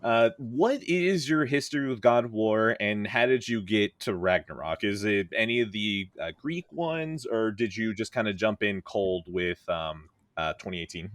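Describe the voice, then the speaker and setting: A man's voice: fairly low pitch, expressive, moderate pace, few pauses, a bit bright, no room sound. A man hosting a podcast, chatty and steering the talk between guests. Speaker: podcast host. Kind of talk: casual podcast chat.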